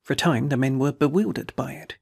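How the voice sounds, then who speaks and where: A man narrating a classic novel as an audiobook, reading in a steady, measured way. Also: mid-range voice, vocal fry, husky, no echo, studio quality.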